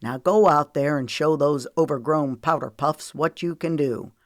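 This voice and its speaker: A woman's voice: low-pitched, moderate pace, no room sound, studio quality, close to an everyday voice. A woman narrator voicing a sarcastic young woman who teases her friend. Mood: teasing. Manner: sarcastic, teasing.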